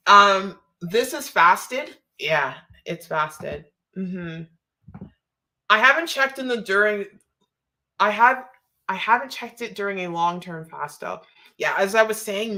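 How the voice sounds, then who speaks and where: A woman's voice: mid-range voice, sharp tone. A woman hosting a live stream, chatting casually and rambling, laughing often and answering viewer comments.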